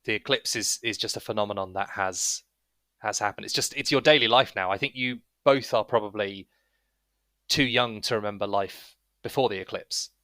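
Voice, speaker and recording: A man's voice: on the low side, normal speed, bright, forceful tone, no room sound. A man narrating as game master, describing scenes in a loose, rambling way with many fillers.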